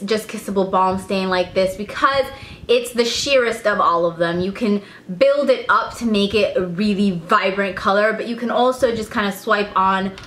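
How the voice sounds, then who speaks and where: A woman's voice: medium pitch, fairly bright tone. A woman vlogger chatting enthusiastically through a casual product review at home. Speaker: beauty vlogger. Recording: echoey room.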